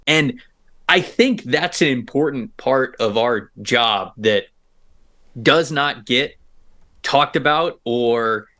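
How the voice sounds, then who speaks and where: A man with a bright, forceful tone talks football over a remote call. He is animated and thinks out loud, often restarting his sentences in quick bursts. His pitch sits at an ordinary middle level. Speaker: football analyst co-host. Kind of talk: casual sports discussion. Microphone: remote video call.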